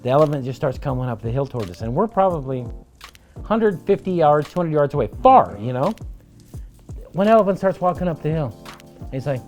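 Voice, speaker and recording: Profane, animated male storyteller. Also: a little high, a little fast, faint music behind. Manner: animated, profane anecdote-telling. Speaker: podcast guest, trial lawyer. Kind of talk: casual storytelling over drinks.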